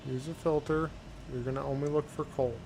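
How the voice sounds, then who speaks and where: A man's voice: a little high, fairly even intonation, brisk, noisy background. A man giving casual gameplay commentary, easygoing and muttering to himself with plenty of fillers. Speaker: gaming channel host.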